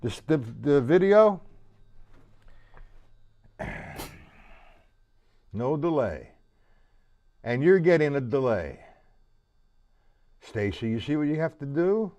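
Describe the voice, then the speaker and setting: A man's voice: a little high, big pitch swings, takes it slowly, long pauses, highs cut off. A man teaching a drum lesson, casual and repetitive, counting beats aloud as he plays. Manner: casual, repeats words, counts beats aloud while playing. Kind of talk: live-streamed drum lesson. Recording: drums loud behind the voice. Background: drum kit playing.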